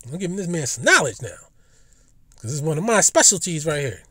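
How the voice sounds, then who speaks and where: Man, higher-pitched voice, rambling and profane, casual monologue, dry close sound with no room echo. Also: big pitch swings, brisk, fairly bright tone, slightly rough. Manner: rambling, profane, acts out imagined dialogue. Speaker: live audio room speaker. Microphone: phone or headset in an online audio room.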